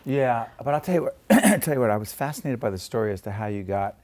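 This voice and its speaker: A man hosting an interview, asking questions in a lively, teasing way. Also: mid-range voice, quick pace. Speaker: host.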